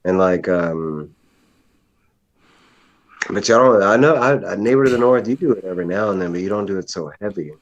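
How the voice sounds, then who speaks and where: Very deep-voiced man on dull remote audio. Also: fairly quick, long pauses. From near New York State, East Coast. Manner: relaxed, drawling, says y'all. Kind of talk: casual chat.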